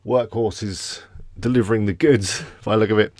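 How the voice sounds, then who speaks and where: A man's voice: fairly low pitch, steady tone, normal speed, darkish tone, no room sound, studio quality. Chatty English man hosting a live stream. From England. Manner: chatty, greets viewers by name. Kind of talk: casual live stream chat.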